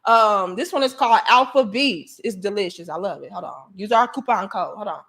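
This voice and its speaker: A woman's voice: medium pitch, animated, moderate pace, fairly bright tone. A woman hosting a livestream, delivering an emphatic, profane, preachy rant to her viewers. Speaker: livestream host.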